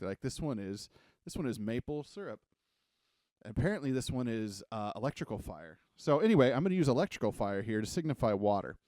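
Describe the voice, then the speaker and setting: A coding tutor with a medium-pitched, warm voice gives a loose, joking lesson at a whiteboard, a bit out of breath. He drifts into self-deprecating asides, and the recording is dry and studio quality.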